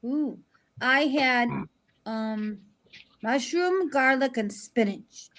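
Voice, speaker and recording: A woman with a fairly high voice chats casually, walking her friends through explanations. She talks in a friendly, easygoing way. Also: expressive, drawn-out words, a bit bright. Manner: chatty, explains things. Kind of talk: casual group chat.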